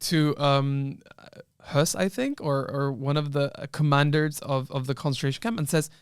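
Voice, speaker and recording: A man's voice: on the high side, moderate pace, clean tone, dry recording, clean studio sound. Earnest young man retelling a film. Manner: earnest, retells scenes with many restarts. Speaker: law student on a film panel. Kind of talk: casual discussion.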